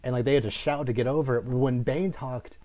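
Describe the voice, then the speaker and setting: Man, casual movie chat, rambling and critical, steady mid-pitched voice, lots of "like". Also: brisk. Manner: rambling, critical, frequent fillers and restarts. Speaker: host.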